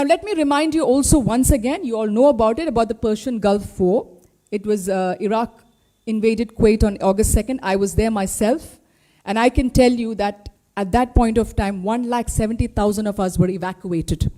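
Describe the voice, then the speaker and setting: High-voiced Indian woman, impassioned briefing. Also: dark tone. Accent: Indian English. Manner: impassioned, full of rhetorical questions. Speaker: political party spokesperson. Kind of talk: press briefing statement. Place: party headquarters press room.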